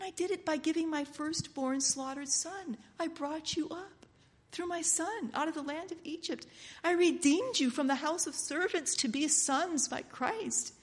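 A woman preaching a passionate sermon, swinging between soft, intimate lines and loud exclamations. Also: high voice.

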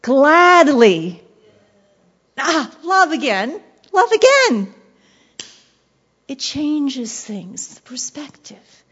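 A woman preaching with passion, slipping into hushed whispers and then surging with intensity. Her voice sits on the high side and the recording sounds dull and lo-fi. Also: expressive, extremely slow. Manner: passionate, shifting between soft whispers and bursts of intensity. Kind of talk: devotional sermon.

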